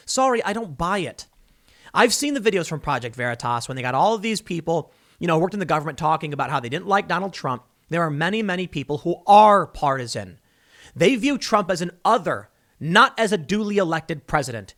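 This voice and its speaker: A male political commentator talking on his own, reading news excerpts aloud and firing back with sarcastic, emphatic remarks. His voice sits a little high and swings widely in pitch as he argues his points. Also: fairly bright tone.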